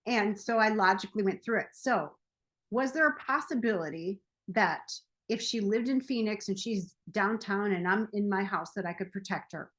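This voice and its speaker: A woman in her forties talks in a loose, chatty way, as a self-help coach. She laughs often and tells her story with lively animation. Her voice sits at a middling pitch for a woman. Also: normal speed. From United States. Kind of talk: casual monologue.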